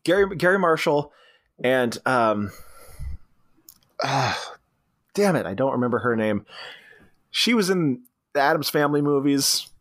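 Male podcast co-host, middle pitch, very animated, giggly storyteller recapping a movie. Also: unhurried, pauses often. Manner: laughs often while retelling scenes, lively storytelling. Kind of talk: casual movie recap chat.

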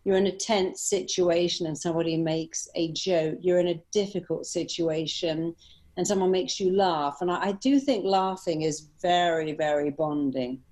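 Middle-aged woman, guest storyteller, lively and quick to laugh. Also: lowish voice. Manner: animated, anecdotal, laughing easily. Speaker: guest, therapist and speaker. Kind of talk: conversational storytelling.

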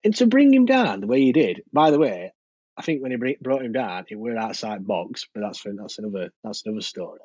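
A man, co-hosting a podcast and talking about football in a frustrated, halting way. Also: medium pitch, big pitch swings, a little mellow, breathy edge, no echo. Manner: frustrated, hesitant, repeats himself. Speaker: podcast co-host. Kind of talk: football fan chat. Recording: dull dry lo-fi podcast audio.

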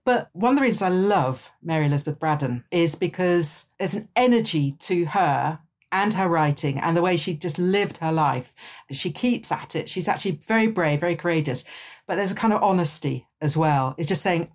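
A woman, speaking as a guest in a thoughtful, measured podcast conversation. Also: fairly low pitch, animated. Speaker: author and guest.

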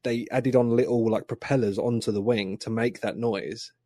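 A man's voice: mid-range voice, steady tone, moderate pace, mellow, dry recording, clean studio sound. A man hosting a comedy podcast, chatting casually, swearing freely and sharing trivia with gusto. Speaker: podcast host.

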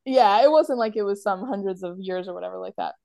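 A woman's voice: mid-range voice, fast, creaky, warm tone, dry recording. A woman hosting a podcast quiz among friends, talking casually, laughing often and acting out quoted lines. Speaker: podcast host running a quiz. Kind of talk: casual chat between friends.

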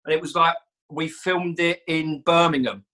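A man telling a lively story in a casual chat. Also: fairly high pitch, moderate pace, low-quality recording. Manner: lively storyteller, animated retelling.

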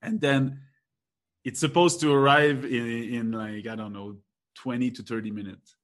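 A man's voice: mid-range voice, steady tone, moderate pace. Chatty young man. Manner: rambling, laughs often, many restarts. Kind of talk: casual chat.

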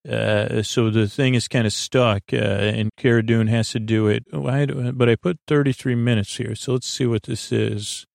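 Guy rambling thru a show recap, gravelly voice, pretty flat delivery. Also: medium pitch, moderate pace, few pauses, no echo, studio quality. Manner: rambling, filler-heavy retelling. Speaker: podcast host. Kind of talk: casual episode recap.

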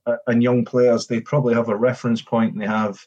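A man's voice: mid-range voice, quick pace. A former footballer telling blunt, sweary stories from his playing days in casual chat. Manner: swearing, animated storytelling with acted quotes. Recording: dull lo-fi sound.

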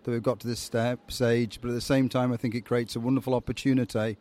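Man with a Yorkshire accent, street interview; measured, optimistic, mid-range pitch. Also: little pitch movement, a little mellow. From England. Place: city street outdoors.

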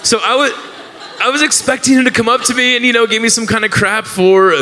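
A man's voice: very high voice, fairly even intonation, fast talker, pushed and bright, big-room sound, slight background noise. A male podcast co-host telling a story at a live show, rambling with fillers and restarts and laughing often. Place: live event venue with an audience.

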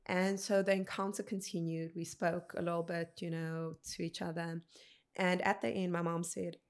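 A woman in her thirties, a podcast guest telling a personal story in an earnest, unhurried way. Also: fairly low pitch, little pitch movement. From South Africa. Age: 30s.

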